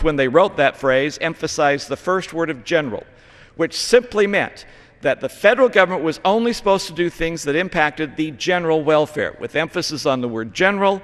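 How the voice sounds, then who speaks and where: A middle-aged congressman from Utah, United States, delivers a formal floor speech in a large legislative chamber, earnest and lecturing, leaning hard on certain words. His voice sits on the high side with a fairly bright tone, and the chamber adds noticeable reverb.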